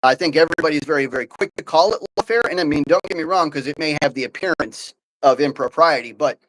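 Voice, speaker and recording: A man hosting a live political talk show, speaking in an animated, opinionated way with many fillers and restarts. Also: fairly high pitch, quick pace, a little hiss or hum, rough recording. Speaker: podcast host.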